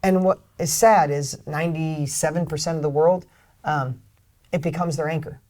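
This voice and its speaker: A middle-aged man, a guest author and speaker, giving energetic motivational talk in an interview, emphatic and swinging between loud bursts and soft asides. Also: a little high, normal speed.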